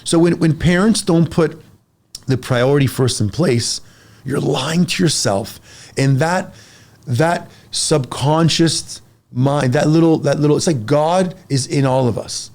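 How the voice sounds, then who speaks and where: Emphatic man in his forties. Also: a little high. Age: 40s. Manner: animated, emphatic, fast bursts with repetitions. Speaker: fitness coach. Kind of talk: casual podcast chat.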